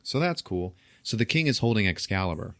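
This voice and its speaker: A podcast host retells a film's plot in casual, animated chat, laughing often and swearing freely. His voice sits low. The sound is dry and close, with no room echo. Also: brisk. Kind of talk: casual film recap.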